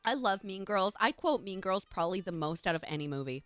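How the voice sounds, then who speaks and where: A woman's voice: medium pitch, expressive, fairly quick, no room sound, soft background music. Bubbly young woman streamer. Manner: bubbly, gushing, thanks chat warmly. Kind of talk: casual live-stream chat.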